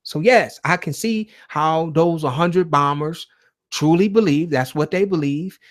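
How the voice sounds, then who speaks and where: A man hosts a loose call-in livestream with a slightly raised pitch. He talks in an emphatic, preaching way, swears freely and keeps turning to his viewers and their chat. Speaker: host of a call-in show.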